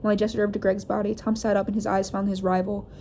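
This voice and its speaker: Mellow-voiced woman reading horror aloud. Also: medium pitch, level tone, racing, slight background noise. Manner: casual, chatty asides between passages. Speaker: reader.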